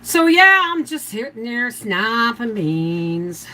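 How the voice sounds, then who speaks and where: Slowly and with big pitch swings, an older woman leads a casual homestead livestream, chatting and rambling through canning steps for her viewers. Her voice is a little high, pushed and bright, and the poor audio has slight background noise.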